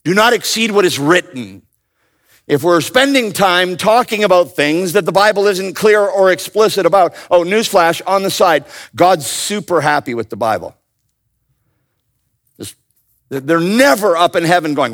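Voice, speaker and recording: A man teaching a Bible study in a lively, joking way, often calling on his listeners to answer. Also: high-pitched, moderate pace. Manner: animated, playful, calls out to the audience. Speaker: pastor.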